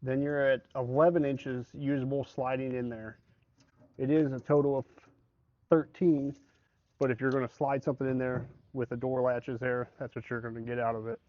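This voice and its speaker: A man's voice: medium pitch, little pitch movement, normal speed. Man casually walking through a product. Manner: conversational, explains specs plainly with measurements. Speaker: truck bed salesman. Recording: slightly dull, dry recording.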